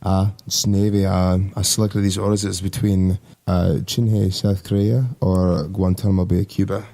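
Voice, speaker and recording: A man's voice: low-pitched, level tone, normal speed, gravelly, warm tone. A man in his twenties, a navy sailor telling stories as a guest in a casual podcast conversation, rambling and easygoing with lots of fillers. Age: 20s.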